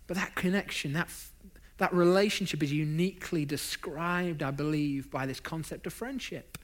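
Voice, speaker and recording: Man, preacher, sermon, high voice, emphatic lists, dry self-mocking asides. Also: moderate pace. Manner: emphatic, builds long lists of phrases; asides with self-deprecating humor.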